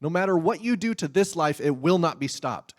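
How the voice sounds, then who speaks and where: A man's voice: fairly high pitch, lively intonation, fairly quick. A man preaching a sermon in a conversational way, with asides and laughs. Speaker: pastor.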